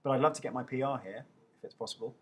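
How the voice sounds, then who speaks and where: A man's voice: medium pitch, very fast, husky. A young man hosting a live webcam Q&A, chatting loosely as he reads out viewers' names and answers their questions. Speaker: TV host answering fan questions.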